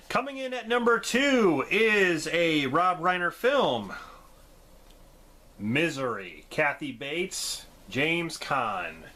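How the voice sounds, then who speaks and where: A man reviewing horror movies in a casual vlog, enthusiastic and quick to laugh. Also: a little high, pushed and bright. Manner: enthusiastic, laughs often, acts out quotes.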